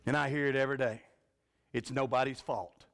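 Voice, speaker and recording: A man preaching a revival sermon in a church, telling folksy stories and swinging from shouts to a hushed voice. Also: medium pitch, steady tone, fairly quick, vocal fry. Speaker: pastor. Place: church sanctuary.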